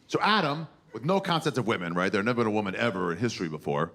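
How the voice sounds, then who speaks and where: A man's voice: on the low side, big pitch swings, racing. A man in his forties doing stand-up comedy, crude, irreverent and conversational. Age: 40s. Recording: loud background noise.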